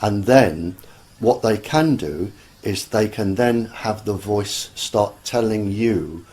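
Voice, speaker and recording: A man, speaking as an interview guest in an earnest, deliberate way with many pauses and fillers. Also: on the low side, darkish tone. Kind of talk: slow conversational explanation.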